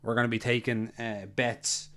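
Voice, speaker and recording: A man's voice: medium pitch, normal speed. Rambling Irish man telling a story. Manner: relaxed, rambling anecdotes with many fillers. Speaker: podcast host. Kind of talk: casual chat, storytelling.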